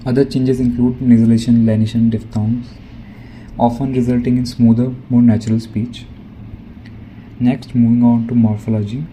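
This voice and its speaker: A male student reading a prepared academic presentation, careful and measured, now and then correcting himself. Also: medium pitch, flat delivery, mellow, slight background noise, low-quality recording.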